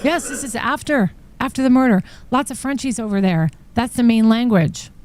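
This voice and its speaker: A woman's voice: fairly high pitch, moderate pace, a little mellow. A woman hosting a true crime live stream, reading text messages aloud and reacting with shocked asides. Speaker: true crime podcast host. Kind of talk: live-stream commentary reading trial exhibits.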